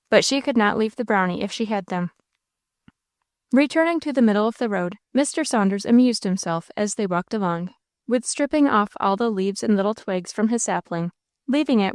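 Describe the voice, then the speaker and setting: A woman narrates a classic novel in a measured, expressive way. Her voice sits at a middling pitch, and the recording is dry and close, with no room sound. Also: dry recording. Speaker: audiobook narrator. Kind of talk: scripted narration.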